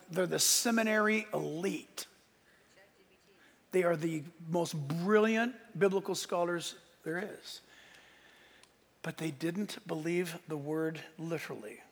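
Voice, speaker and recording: A man preaching a sermon in a conversational way, with asides to the congregation and shouted peaks of emphasis. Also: high-pitched, creaky, long reverb tail. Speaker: pastor.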